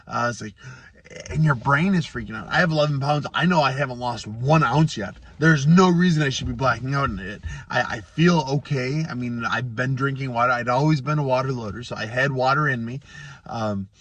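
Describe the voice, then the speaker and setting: A man with a voice of middling pitch tells a story about himself, animated and self-deprecating. His volume rises and drops as he tells it. The sound is close and dry, with no room echo. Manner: animated, self-deprecating, swings between loud and quiet. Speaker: former fighter telling a story. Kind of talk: casual storytelling.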